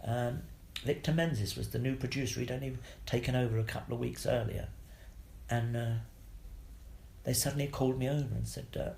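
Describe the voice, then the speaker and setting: Gravelly older man telling stories. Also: mid-range voice, fairly quick, slight background noise. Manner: lively, swears freely, laughs between stories. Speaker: guest actor. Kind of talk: anecdotal interview storytelling.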